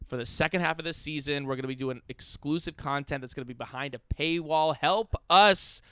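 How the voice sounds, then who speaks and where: Bright-voiced, joking podcast man. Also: on the high side, brisk, clear, resonant tone, no echo. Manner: joking, profane banter. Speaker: podcast co-host. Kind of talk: casual chat.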